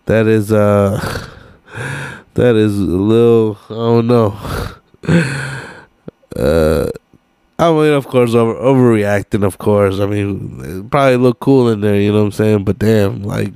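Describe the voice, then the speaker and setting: A man's voice: on the low side, lively intonation, measured pace, creaky, warm tone, no room sound. A man in his late twenties hosting his own podcast alone, rambling casually late at night in slang with lots of fillers and swearing, sounding sleepy. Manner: laid-back, profane street slang with many fillers. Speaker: solo podcast host.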